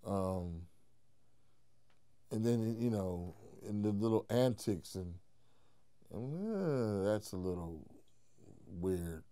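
A man, a comedian, telling an animated, profane story in an interview, mimicking the people he quotes. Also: slow, pauses often, no echo. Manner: profane, acts out quotes in high voices, laughs while telling.

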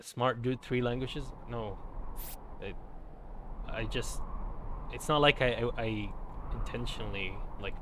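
A man's voice: mid-range voice, background noise. A young man casually chatting with his viewers while playing a game, rambling and self-deprecating. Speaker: streamer. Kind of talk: casual game stream chat.

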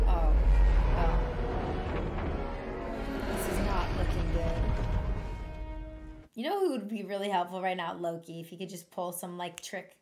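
A young woman reacting to a movie, excitedly shouting and laughing at what she sees. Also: lowish voice, a little slow, long pauses, over loud music. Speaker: reaction video host. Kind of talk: live movie reaction commentary. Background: film soundtrack playing.

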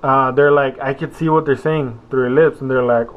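A man's voice: mid-range voice, level tone, normal speed, few pauses, a little hiss or hum. Rambling young man on a tinny phone-like line. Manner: meandering, full of fillers and self-corrections. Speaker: vlogger. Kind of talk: rambling casual vlog. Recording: phone-like narrow sound.

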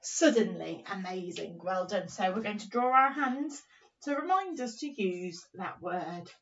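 A woman teaching young children a phonics lesson, speaking in a slow, encouraging, sing-song way and sounding out words. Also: mid-range voice, lively intonation, fairly bright tone, slight background noise. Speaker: primary teacher. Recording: dull, slightly distant recording.

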